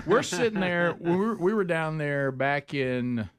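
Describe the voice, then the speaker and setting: A man, hosting a radio talk show and telling stories with lively quoted dialogue. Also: fairly high pitch, measured pace, a crowd in the background. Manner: animated storyteller, acts out quotes. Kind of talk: casual radio banter and storytelling.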